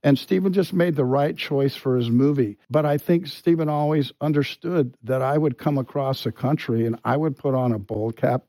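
A man's voice: mid-range voice, warm tone, no echo, rough recording. A man, an actor, talking frankly in an interview, telling stories with casual swearing and many restarts. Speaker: actor guest. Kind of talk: candid interview storytelling.

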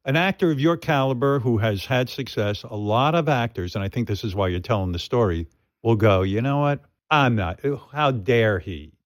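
A man's voice: medium pitch, lively intonation, normal speed, dry recording, clean studio sound. A man hosting an interview, asking curious, conversational questions. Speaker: interviewer host.

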